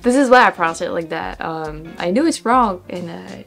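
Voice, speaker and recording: A woman's voice: fairly low pitch, animated, moderate pace, creaky, fairly bright tone, faint music behind. French-accented young woman, chatty and laughing. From France. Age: young adult. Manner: laughs often, repeats words to test their pronunciation. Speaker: vlogger. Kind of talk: casual chat to camera.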